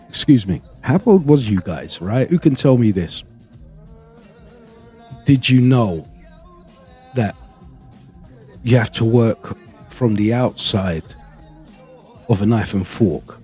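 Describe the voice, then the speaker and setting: Husky, lively East London man. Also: medium pitch, slow pace, long pauses, faint music behind. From Hackney, London. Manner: animated, chummy interjections. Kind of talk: casual chat.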